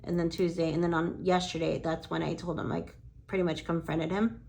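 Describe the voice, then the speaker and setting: A woman's voice: deep voice, little pitch movement, brisk, vocal fry, darkish tone, slight background noise. A woman lash artist telling a story in casual chat, swearing freely and quoting conversations with "I'm like".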